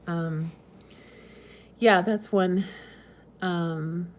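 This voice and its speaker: Low-voiced woman chatting on a live stream. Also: fairly even intonation, drawn-out words. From West Coast of the US. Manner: chatty, meandering, frequent ums and laughs. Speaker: homesteading channel host. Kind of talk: casual live stream chat, reading viewer comments.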